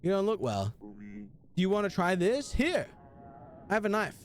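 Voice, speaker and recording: Man reading as friendly male game character, higher voice, caring tone. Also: huge pitch swings, unhurried, slight background noise, heavily acted. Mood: concerned. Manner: reading game dialogue aloud in a raised, caring voice.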